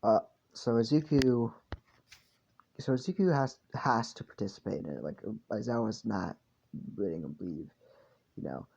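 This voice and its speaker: A tired man tells a fan story in a loose, rambling way, with plenty of fillers and the odd curse. His voice is gravelly and dark, and the recording is dull and lo-fi. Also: lowish voice, expressive, moderate pace. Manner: rambling, with many fillers and swearing. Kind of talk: rambling casual story narration.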